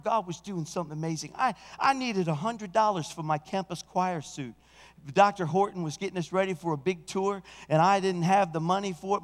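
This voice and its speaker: A male senior pastor preaching a sermon, telling stories and building to shouted peaks in a church sanctuary. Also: high voice. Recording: long church hall reverb.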